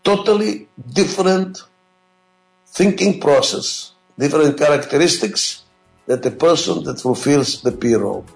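Gravelly man lecturing emphatically. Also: on the high side, a little slow, roomy sound, soft background music, poor audio. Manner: emphatic, repetitive, asks rhetorical questions. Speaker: management lecturer. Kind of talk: classroom lecture.

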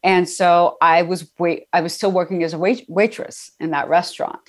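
A middle-aged woman speaks as an interview guest, her voice sitting a little low. She tells her story casually, with fillers, restarts and easy laughter. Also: steady tone, moderate pace. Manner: chatty, laughs often, many fillers.

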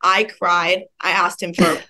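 A woman's voice: fairly low pitch, level tone, unhurried, pushed and bright. A young adult woman chatting as a podcast co-host, telling self-deprecating stories with a laugh. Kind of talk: casual storytelling.

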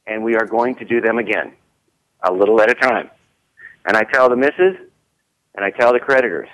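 A man's voice: lowish voice, brisk, pauses often, a bit bright, low-quality recording. Blunt, emphatic middle-aged man. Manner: emphatic and repetitive, folksy and blunt. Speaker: business turnaround consultant, guest. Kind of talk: motivational interview talk.

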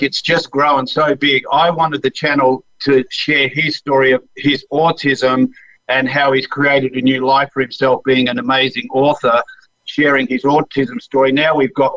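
An Australian man chats easily as a podcast guest, pausing on ums. His voice sits at an ordinary middle pitch. The audio is dry and a little dull, like a remote call. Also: bright, forceful tone, no echo. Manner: easygoing, with frequent ums. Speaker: actor and acting coach. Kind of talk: casual podcast interview.

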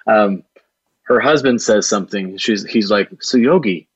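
A man's voice: medium pitch, normal speed, dry recording, lo-fi sound. A man who runs a video production business, telling a long story in an interview with an earnest, rambling manner and many restarts.

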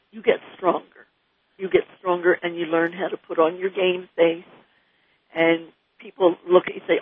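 A woman in her sixties from New Jersey, a guest mother speaking earnestly and from the heart, with halting restarts, on a radio interview. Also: lowish voice, level tone. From New Jersey, USA. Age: 60s. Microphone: telephone. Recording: tinny phone line.

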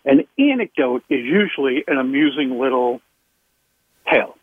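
A man, a public speaking coach, talking in an interview with emphatic, animated leaps in pitch. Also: moderate pace, breathy edge, dry recording. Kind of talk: interview talk. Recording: tinny phone line.

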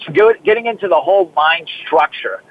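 A man's voice: on the high side, animated, brisk. A man with a Boston accent, talking in a rambling, enthusiastic way on a radio show. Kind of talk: casual radio talk. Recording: phone-line sound.

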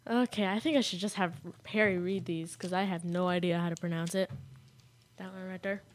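A woman's voice: on the low side, fairly even intonation, brisk, dry recording. A young woman co-hosting a casual chat show, giggly and teasing. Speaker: co-host.

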